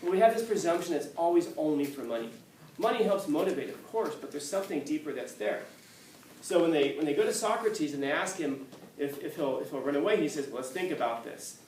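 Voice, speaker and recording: A man's voice: on the high side, a little fast. Guy teacher telling a story to his class, acts out the voices, bit of room hiss. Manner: animated storytelling, acts out quotes, laughs often. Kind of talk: classroom lecture with anecdotes. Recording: echoey classroom from a distance.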